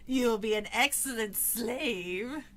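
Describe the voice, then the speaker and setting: A woman voicing a menacing male ventriloquist dummy, slow and threatening, in a storybook reading. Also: a little high, a bit bright.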